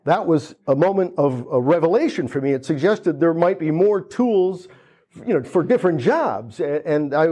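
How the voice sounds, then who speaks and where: A man in his fifties from the United States tells a comic story to a live audience. His voice sits a little high for a man, and he slips into the voices of the people he quotes. He restarts his sentences often. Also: a little mellow. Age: 50s. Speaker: speaker at a gallery opening. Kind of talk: storytelling talk.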